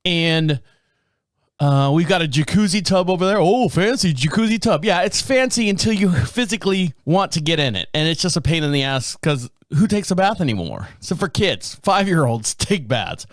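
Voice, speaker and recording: A man's voice: fairly high pitch, animated, normal speed, no room sound. Joking, rambling man on a dry mic. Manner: joking, rambling, self-deprecating. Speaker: podcast host. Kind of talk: casual storytelling monologue.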